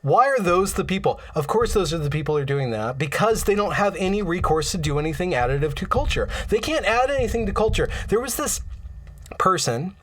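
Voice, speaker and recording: A man's voice: high-pitched, lively intonation, fairly quick. A man hosting a casual livestream, rambling and getting impassioned, with frequent stammers and restarts. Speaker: livestream host.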